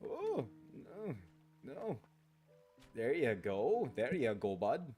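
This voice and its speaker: A man's voice: mid-range voice, wildly swooping pitch, extremely slow, darkish tone, breathy edge, faint music behind. A man streaming a game late at night in casual chat, rambling, restarting his sentences, grumbling at the game and answering viewer comments aloud.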